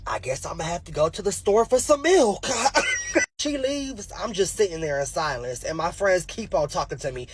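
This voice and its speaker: Male comic in his twenties, husky and highly expressive, for a rambling stand-up tale. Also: normal speed. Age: 20s. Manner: animated, acts out voices, laughs at own jokes. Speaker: comedian. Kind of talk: stand-up storytelling.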